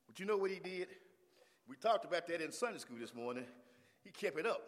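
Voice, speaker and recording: A man preaching a sermon, moving from easy talk to shouted, rising calls and back. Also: a little high, expressive, brisk, in a large hall. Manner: builds from talk to shouting, call and response. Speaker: pastor.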